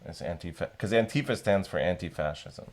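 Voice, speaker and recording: A man co-hosting a podcast, chatting casually with sarcastic, deadpan jokes. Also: low voice, a little fast. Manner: joking, sarcastic, deadpan asides. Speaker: podcast co-host. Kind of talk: casual chat.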